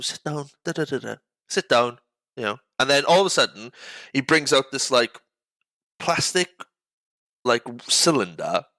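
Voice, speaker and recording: A man hosting a casual podcast chat, retelling scenes in an animated way, acting out lines and laughing often. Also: mid-range voice, no room sound, low-quality recording. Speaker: podcast host.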